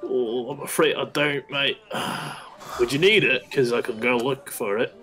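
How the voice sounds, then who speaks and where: A man's voice: mid-range voice, measured pace, sharp tone. A man playing a tabletop game, talking hesitantly, with many fillers and friendly asides. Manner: hesitant, full of fillers, says mate. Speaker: player. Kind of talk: casual tabletop roleplay.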